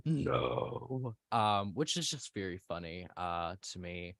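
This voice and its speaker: A man's voice: sits low, expressive, moderate pace, a bit bright, clear, resonant tone, no echo. Playful chatty man ranting in jest. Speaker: panelist assessing new cast. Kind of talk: casual panel chat.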